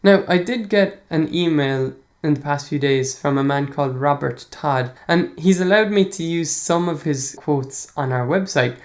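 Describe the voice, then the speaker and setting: A man's voice: fairly high pitch, normal speed, few pauses. Chatty man hosting a podcast. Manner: enthusiastic, chatty, laughs often; reads listener emails aloud. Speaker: podcast host. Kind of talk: casual podcast chat.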